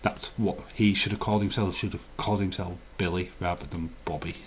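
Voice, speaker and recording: A man's voice: deep voice, steady tone, brisk, a little hiss or hum. A man hosting a casual live stream, rambling and chuckling while reading the chat. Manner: rambling, chuckling, chatty asides.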